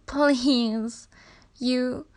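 A woman voicing a proud, defiant young captive princess in an adult audio role-play, breathy and gasping as she pleads. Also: sits high, fairly even intonation, very slow, darkish tone. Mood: pleading.

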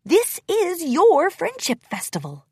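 Anxious perfectionist pony princess, high and worried, done by a woman narrator; dry, close storybook read. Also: huge pitch swings, slow, a little mellow, dry recording, exaggerated voice. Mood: nervous. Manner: high, worried self-talk.

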